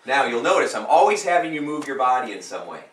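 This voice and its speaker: A hypnotist coaches a client live, pressing his points by repeating phrases with rising force. He talks fast in a medium-pitched, somewhat bright voice with big swings in pitch, recorded with roomy sound from a distant mic.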